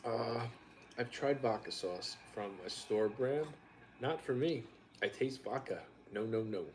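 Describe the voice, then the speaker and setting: Man, mid-pitch stream host, blunt and wry, salty language, faint hiss. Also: a little slow. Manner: blunt, wry storytelling, swears freely. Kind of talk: casual live-stream chat.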